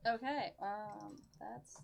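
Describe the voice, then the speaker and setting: A woman's voice: medium pitch, slow pace, creaky. Woman playing a tabletop game. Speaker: player. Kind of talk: casual tabletop play.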